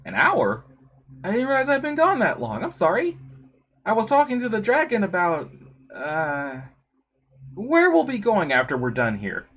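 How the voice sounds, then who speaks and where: A woman voicing a calm, gentle, apologetic young man in a comic read-aloud, with a breathy voice. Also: medium pitch, moderate pace, full character voice. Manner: soft-spoken, apologetic.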